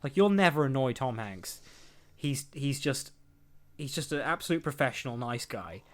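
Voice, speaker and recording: Speaking in a mid-range voice with lively intonation and a moderate pace, a young male podcaster reads entertainment news in a loose, chatty way. He rambles, laughs frequently, and acts out the quotes.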